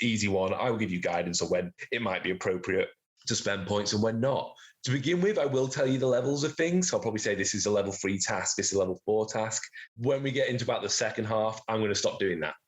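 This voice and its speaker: A man acting as game master, explaining the rules of a tabletop game in a relaxed, chatty way. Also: on the low side. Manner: relaxed, explanatory, chuckles at own jokes.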